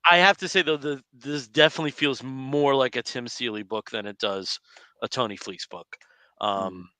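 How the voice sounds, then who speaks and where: A man with a bright, forceful voice chats as a podcast co-host, lively and quick to laugh. His tone is smooth and crisp. The sound is dry and close to the mic. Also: mid-range voice, no room sound. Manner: animated, laughs while telling stories. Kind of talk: casual chat.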